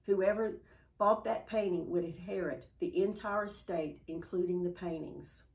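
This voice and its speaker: A woman voicing a persistent male auctioneer in a story, calling bids in a measured, insistent way. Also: lowish voice, darkish tone.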